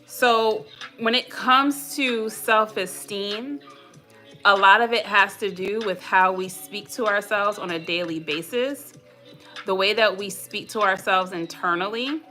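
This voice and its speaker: A woman's voice: medium pitch, unhurried, bright, forceful tone, faint music behind. A woman hosting a live motivational stream, speaking earnest affirmations and reflecting on self-talk. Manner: answers live chat between points. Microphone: webcam or phone mic on a live stream.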